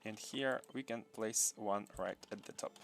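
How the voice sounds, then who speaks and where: A man's voice: fairly low pitch, a little slow, vocal fry, fairly bright tone. A man hosting a live gameplay stream. He thinks aloud, repeats his phrases, chuckles often and chats with viewers. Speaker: gaming livestream host.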